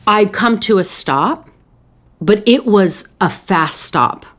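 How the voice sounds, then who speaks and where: A woman's voice: mid-range voice, expressive, slow, a bit bright. A woman psychologist hosting a solo advice talk, speaking earnestly and telling stories from her own life, with some restarts along the way. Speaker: psychologist host.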